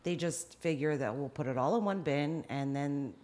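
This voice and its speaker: A Canadian woman guest on a podcast, talking briskly and teasing the others. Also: low voice, darkish tone. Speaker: guest, disposal company owner. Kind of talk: casual chat.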